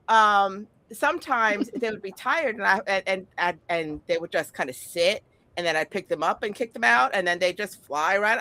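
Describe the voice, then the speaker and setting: Animated, swearing woman storyteller. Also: mid-range voice, no room sound. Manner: animated, swearing, acts out quotes in voices. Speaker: host. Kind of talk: casual storytelling chat.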